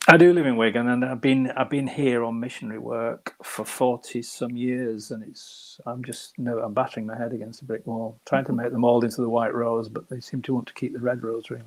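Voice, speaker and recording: Soft-spoken husky middle-aged man. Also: medium pitch, fairly even intonation, fairly quick, hardly any pauses, low-quality recording. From Yorkshire. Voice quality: soft, soothing voice, never shouts. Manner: chatty, wandering, self-mocking. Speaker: crime author. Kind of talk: casual online interview.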